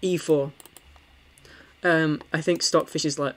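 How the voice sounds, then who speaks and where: A man's voice: fairly high pitch, slow pace, pauses often. Upbeat young man explaining chess. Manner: animated, with frequent fillers and restarts. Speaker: chess streamer. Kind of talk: casual chess game commentary.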